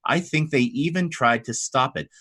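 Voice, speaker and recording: A sugary, mock-polite noblewoman with a sharp, scheming edge, as a man puts her on for a tabletop game. Her voice rides high and bright, every phrase smoothly courteous and barbed underneath. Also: normal speed, exaggerated voice. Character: polished scheming woman, politely hostile noble.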